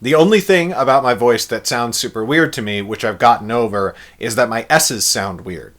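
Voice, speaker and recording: A man's voice: medium pitch, moderate pace, a bit bright. A young adult man, an author on a live stream, reading his own novel aloud and chatting with viewers in a candid way.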